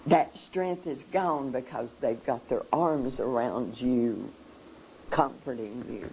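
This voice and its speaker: Slow halting speaker at a seminar, earnest and emotional, lots of pauses and restarts, faint hum behind. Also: mid-range voice, vocal fry, darkish tone, rough recording. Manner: halting, with many pauses and repeated words.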